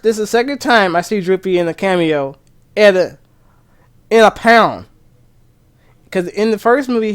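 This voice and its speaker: A man streamer chatting casually and excitedly, rambling with many restarts. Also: sits high, smooth. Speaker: gaming streamer. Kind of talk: casual chat.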